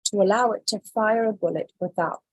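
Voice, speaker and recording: A woman's voice: medium pitch, fairly quick, husky, no room sound, rough recording. A woman hosting a live show, chatting about the news and reading headlines aloud with an incredulous, chatty manner. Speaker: host. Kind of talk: casual news commentary livestream.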